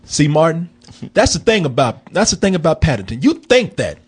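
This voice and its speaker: A man's voice: on the high side, sing-song, fairly quick, slightly rough. A man hosting a casual film review show, telling the story in a profane, rambling, joking way. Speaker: film review podcast host. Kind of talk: casual comedic chat.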